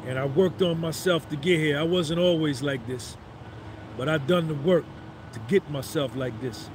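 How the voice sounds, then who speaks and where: A man in his fifties brags through a motivational rant on a live phone stream, with a fairly high voice. He swaggers and hammers each point by repeating it. Faint street traffic hums behind him outdoors. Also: normal speed. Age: 50s. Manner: swaggering, repeats phrases for emphasis. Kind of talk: boastful motivational monologue.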